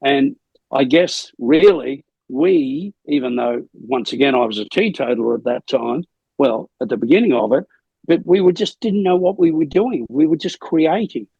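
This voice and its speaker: An older man, a rock singer being interviewed, telling rambling anecdotes in a gravelly, husky voice. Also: fairly high pitch, sing-song, normal speed, warm tone, no echo, dull audio. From Australia. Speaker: lead singer, interview guest. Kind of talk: casual storytelling interview.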